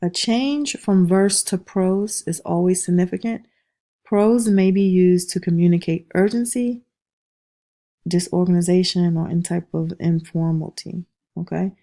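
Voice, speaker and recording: A woman's voice: fairly low pitch, steady tone, measured pace, warm tone. A woman teaching a class who keeps checking in with "okay?" and taps out rhythms aloud. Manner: checks understanding with repeated "okay?". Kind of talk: classroom lecture.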